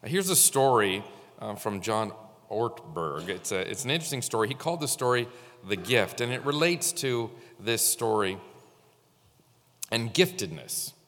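A pastor giving a Sunday sermon in a halting, conversational way, pausing often on fillers. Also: male voice, lowish voice, very animated, a bit bright, big-room sound.

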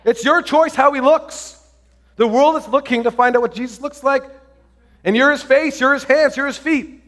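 A man preaches to a congregation with a fairly high voice. He tells stories with lots of excitement and often breaks off mid-sentence to start over. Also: normal speed. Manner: excited, storytelling, many restarts and fillers. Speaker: pastor. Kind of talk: sermon.

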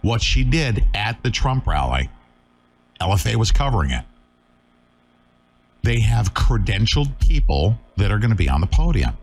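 A man's voice: lowish voice, big pitch swings, moderate pace, long pauses, breathy edge. A middle-aged man hosting a live talk show, talking urgently and emphatically, scolding his viewers.

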